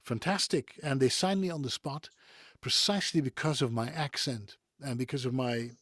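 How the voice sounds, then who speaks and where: Appearing via video call as a voice-actor guest, a middle-aged man from the Netherlands, whose first language is Dutch, speaks neutral European English in a chatty, rambling interview, laughing softly between ideas. His mid-range voice is fairly bright and moves at a normal speed. The audio is studio quality and echo-free.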